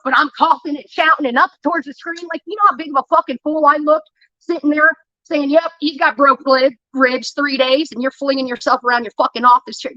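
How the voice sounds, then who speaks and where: A woman's voice: high voice, bright, forceful tone, no room sound, highs cut off. A woman livestreamer giving a heated, profane, defensive rant straight to her viewers. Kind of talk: angry ranting monologue.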